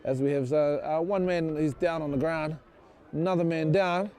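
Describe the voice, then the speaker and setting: A man's voice: fairly high pitch, fairly even intonation, normal speed, a little mellow. A man giving casual, rambling, jokey commentary on a club rugby match from the sideline, often unsure of player names. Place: outdoors at a club rugby ground.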